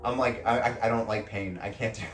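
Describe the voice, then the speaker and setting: A man's voice: lowish voice, steady tone, a little fast, reverberant. Groaning, whiny Australian man stretching. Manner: whiny, self-mocking, groaning through stretches. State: strained, out of breath. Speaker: fitness vlogger. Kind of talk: casual workout vlog.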